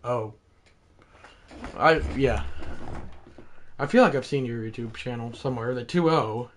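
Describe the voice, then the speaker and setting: A man doing play-by-play for a baseball video game, chatting and correcting himself between plays and shouting on big hits. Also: medium pitch, a little slow. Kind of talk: play-by-play commentary with rambling asides.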